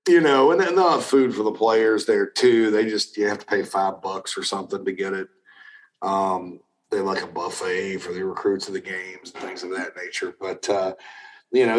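A man's voice: fairly low pitch, low-quality recording. A middle-aged man hosting a casual talk show, answering viewer questions in a rambling way with many restarts and fillers. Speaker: recruiting analyst host.

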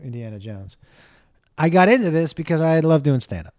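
A middle-aged man hosting a casual comedy podcast, telling stories in an animated way, acting out the people he quotes, swearing often. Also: fairly high pitch, fairly quick. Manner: animated storytelling, acts out quotes, swears, talks to his dog.

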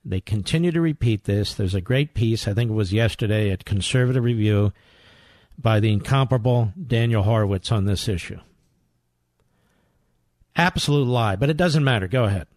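A man with a lowish voice hosts a talk radio show, playing clips and reacting to them at a normal speed. He sounds indignant and combative, firing off loud rhetorical questions. The recording is dry.

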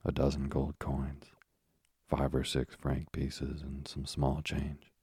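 A man with an extremely deep, flat voice narrates a classic novel as a sleep story. His voice is dark and husky, and he reads softly and slowly. The sound is dry and close. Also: no room sound. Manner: soft, hushed, slow. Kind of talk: slow, soothing sleep-story reading.

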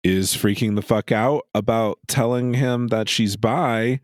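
A man's voice: on the low side, steady tone, measured pace, no echo. A man co-hosting a podcast, recapping an episode in a dry, sardonic way with casual swearing. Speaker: podcast co-host.

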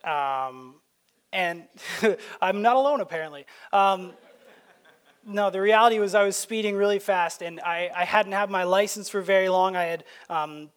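A man from Canada delivers a sermon in a relaxed, storytelling way. His voice sits high for a man, and he often stumbles and restarts mid-thought as he speaks to his church. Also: normal speed, clean tone. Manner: conversational, anecdotal preaching with frequent restarts. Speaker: pastor. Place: church sanctuary.

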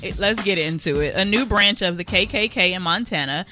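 A woman's voice: medium pitch, a little fast, bright, forceful tone, faint music behind. A woman co-hosting a podcast, recapping a news story in sarcastic, profane casual banter.

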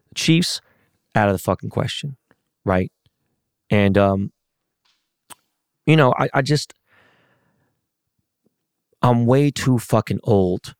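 A man's voice: fairly low pitch, smooth, dry recording, studio quality. A middle-aged man in a casual, profane rant, venting about a loss. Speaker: sports fan.

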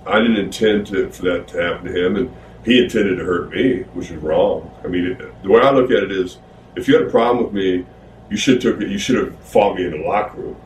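Low-voiced guy rambling through an old ring story, roomy echo, sounds far off from the mic. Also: fairly quick, a little hiss or hum. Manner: rambling, animated retelling. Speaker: wrestler telling a story. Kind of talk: casual storytelling. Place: archived interview played on a podcast.

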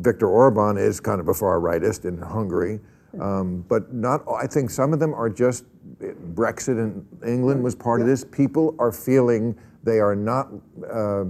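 A male talk show host leading a panel discussion in a studio. His voice sits low, and he delivers his points with a dry, wry edge, often laughing through his own lines. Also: darkish tone.

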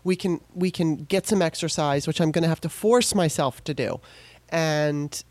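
A woman's voice: sits low, normal speed, darkish tone, dry recording. A middle-aged woman hosting a podcast, talking in a loose, emotional monologue with many restarts. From California. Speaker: podcast host. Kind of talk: casual monologue.

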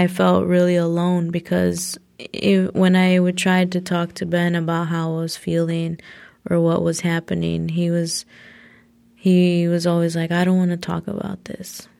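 A woman's voice: fairly low pitch, creaky, darkish tone. A young woman telling a personal story in a casual way, full of "like" fillers.

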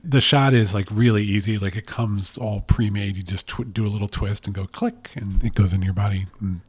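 A man sharing a personal story from his office in a relaxed, candid way, full of fillers and restarts. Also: on the low side, brisk, husky. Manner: chatty, self-deprecating, many fillers and restarts. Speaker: interview guest.

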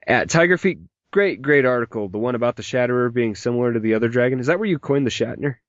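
Speaking at a quick pace, this man has a medium-pitched, animated voice captured dry. As host of a casual podcast, he reads listener messages aloud with rambling jokes, nursing a mild migraine, all on dull lo-fi audio.

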